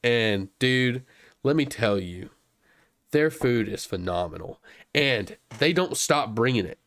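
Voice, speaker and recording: Young American male co-host, average pitch, loose and jokey, swears constantly. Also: expressive, slow, fairly bright tone. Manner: profane, teasing, laughs often. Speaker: podcast co-host. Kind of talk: casual podcast chat.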